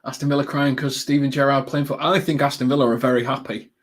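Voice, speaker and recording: Hosting a football watchalong live, a medium-pitched man talks casually and ramblingly to viewers. Ums fill his speech, punctuated by quick bursts of excitement over the play.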